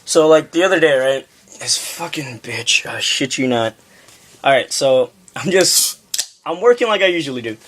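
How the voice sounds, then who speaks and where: A man's voice: mid-range voice, lively intonation, moderate pace, a bit bright. A young man co-hosting a casual homemade podcast, ranting profanely through a work story and mimicking the people in it. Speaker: podcast co-host. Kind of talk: casual chat.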